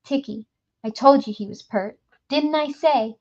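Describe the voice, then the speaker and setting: A woman voicing a sneering male gang thug who pleads and threatens in a shrill voice. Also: a little slow, a little mellow, dull audio. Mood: snarling.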